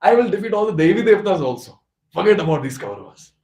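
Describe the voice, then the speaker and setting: Man doing devoted warrior prince, fervent, fairly high voice, echo. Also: big pitch swings, quick pace, a little mellow. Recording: echoey room.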